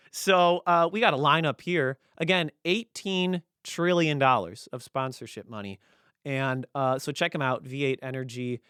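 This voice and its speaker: Smooth-voiced joking male podcast host. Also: mid-range voice, no room sound, studio quality. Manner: rambling, joking, deadpan sarcasm. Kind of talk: casual comedic monologue.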